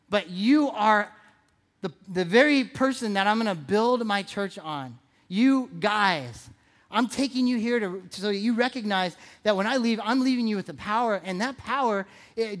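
Conversational, playful preacher in church. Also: mid-range voice. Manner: conversational, playful, asks the audience questions; repeats phrases for emphasis. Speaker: pastor. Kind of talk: sermon.

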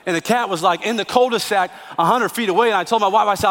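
Reverberant preaching pastor, slightly high voice. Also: male voice, fast. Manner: storytelling with humor, swings from hushed to emphatic. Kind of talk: sermon. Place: church sanctuary. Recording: church sanctuary with long reverb.

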